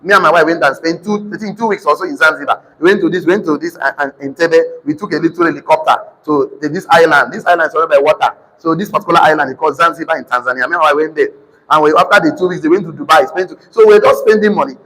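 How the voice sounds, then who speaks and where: A man with a Nigerian accent preaching to a live congregation, calling for responses and slowly repeating key lines for notes. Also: on the high side. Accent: Nigerian English. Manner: sudden shouted emphasis. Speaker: motivational preacher. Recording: reverberant hall.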